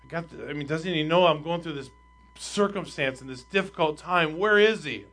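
High-voiced man preaching a sermon. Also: brisk, a bit bright. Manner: reads scripture aloud and explains it, rising in force on the readings. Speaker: pastor.

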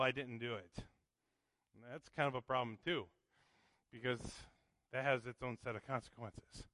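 A man's voice: fairly high pitch, sharp tone, dry recording. A male pastor preaching a sermon, emphatic and full of rhetorical questions to the congregation.

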